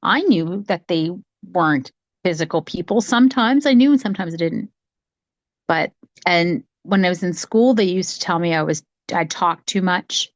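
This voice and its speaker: A woman talking casually from home on a video call, telling a childhood story in a rambling, animated way with many restarts. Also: on the low side, moderate pace, no echo. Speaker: psychic medium sharing her story. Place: home, cat nearby.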